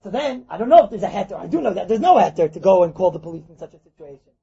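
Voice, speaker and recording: A man giving an animated Talmud class, acting out little scenes and mixing Hebrew and Yiddish terms into his talk. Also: high-pitched, rapid-fire, gravelly, lo-fi sound. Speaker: Torah teacher.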